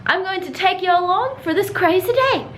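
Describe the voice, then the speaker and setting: A woman's voice: very high-pitched, expressive, normal speed, loud music behind the voice. A young woman, chatting bubbly and directly to her viewers in a casual vlog. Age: young adult. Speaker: vlogger.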